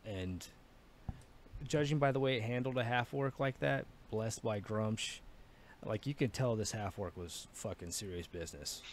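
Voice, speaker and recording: A man's voice: mid-range voice, animated, normal speed, slight background noise. A man narrating as dungeon master, telling a battle in a casual, profane way with many fillers. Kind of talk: narrating a tabletop game.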